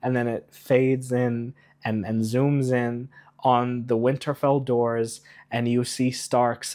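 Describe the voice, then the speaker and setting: A man in an excited spoiler rant reviewing a TV episode, animated, rushing ahead and getting emotional along the way. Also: mid-range voice. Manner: animated, rushes and trails off, emotional asides. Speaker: YouTube reviewer.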